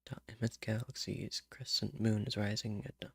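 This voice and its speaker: A man's voice: fairly low pitch, fairly even intonation, normal speed, vocal fry, slightly rough, no echo, studio quality. A man thinking aloud while he writes song lyrics, muttering rhyme words and humming placeholder syllables. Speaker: songwriter.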